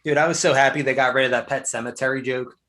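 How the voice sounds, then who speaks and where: A man's voice: medium pitch, steady tone, quick pace, fairly bright tone. A man co-hosting a casual movie review podcast, animatedly acting out scenes he liked. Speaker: podcast co-host.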